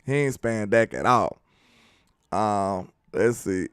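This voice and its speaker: A man's voice: lowish voice, animated, slow, clean tone, dry recording, studio quality. A young man hosting a casual sports chat, laid-back, laughing often and using dialect slang. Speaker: sports show host.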